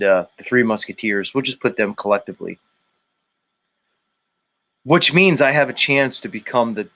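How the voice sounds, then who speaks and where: A man hosting a loose livestream from home, reading out viewer comments and greeting each person in turn. He rambles and jokes, swears casually, and fills the gaps with idle humming. His voice sits at an ordinary middle pitch. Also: a bit bright. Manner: rambling, joking, profane, humming to himself. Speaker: livestream host.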